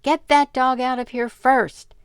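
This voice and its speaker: An older woman voicing a fearful little girl who shrieks and wails in a high, pleading voice. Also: moderate pace, clear, resonant tone, dry recording, close to an everyday voice. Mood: terrified. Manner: shrieking, wailing, high-pitched.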